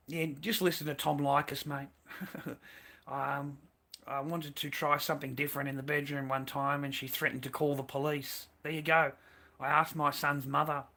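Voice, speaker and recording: Male streamer, mid pitch, brassy bright tone, crude swearing banter. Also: normal speed. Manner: profane, blunt and laughing. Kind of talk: crude casual livestream chat.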